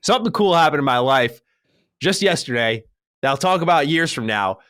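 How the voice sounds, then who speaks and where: A man's voice: fairly high pitch, a little fast, clean tone, no room sound, clean studio sound. A young man co-hosting a podcast, telling rants and stories in casual chat and swearing freely. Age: young adult. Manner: animated ranting storyteller, swears freely. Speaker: podcast co-host.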